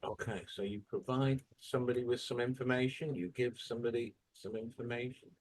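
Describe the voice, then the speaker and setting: A man's voice: mid-range voice, fairly even intonation, a little fast. A man teaching a classroom English lesson, quizzing students on formal words and modeling the stress of each word. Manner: questioning, drills pronunciation by modeling words.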